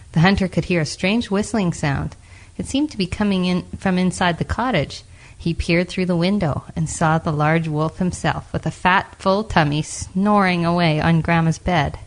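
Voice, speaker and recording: A woman reads a children's storybook aloud in a gentle, expressive and measured way. Her voice is unusually low for a woman. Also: rough recording.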